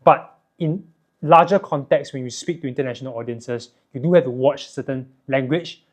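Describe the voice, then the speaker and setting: A young Singaporean man with a Singaporean English accent, teaching sales and communication skills in an energetic, emphatic way, often checking in with a quick "right?". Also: medium pitch. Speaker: sales and self-help educator. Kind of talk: direct-to-camera teaching monologue.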